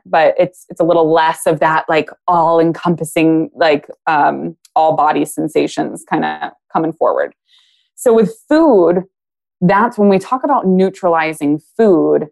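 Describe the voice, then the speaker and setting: Woman, low voice, gravelly, podcast guest, casual explaining, analogies. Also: darkish tone. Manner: explains with analogies, acts out quotes.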